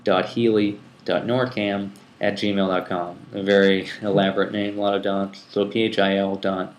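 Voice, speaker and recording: A man's voice: lowish voice, little pitch movement, normal speed, a little hiss or hum. A man hosting a casual podcast chat, rambling with lots of ums and restarts, recorded in a room at a community TV station. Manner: rambling, many ums and restarts, laughs easily. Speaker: public access TV coordinator and podcast host. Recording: roomy echo.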